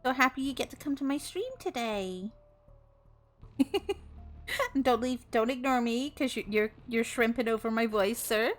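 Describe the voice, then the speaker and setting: A woman's voice: a little high, moderate pace. A woman streamer chatting casually with her viewers, bubbly and giggly, laughing often.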